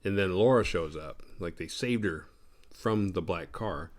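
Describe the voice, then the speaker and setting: A man casually recapping a horror movie with comic sarcasm and profanity, slipping in quick voices for the characters. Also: low-pitched.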